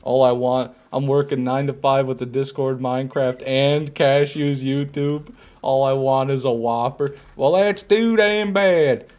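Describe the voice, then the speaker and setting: A gaming streamer with a medium-pitched voice chats and jokes with his viewers, unhurried and with few pauses. Relaxed, he reads chat aloud while he plays, repeating himself now and then.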